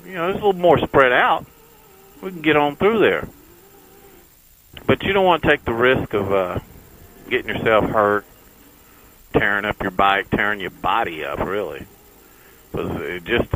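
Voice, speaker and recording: A man's voice: medium pitch, fairly bright tone, a little hiss or hum, low-quality recording. A man, a motorcycle vlogger talking casually to viewers while riding his bike on the freeway, folksy and chatty. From Texas. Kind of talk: casual riding vlog chat.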